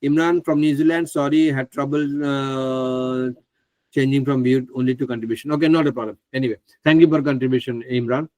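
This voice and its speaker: A man presenting a live online trading class, chatty and excitable, who laughs often and stumbles over names. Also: medium pitch, a little fast, no room sound. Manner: stumbles over names, asks others to pronounce them.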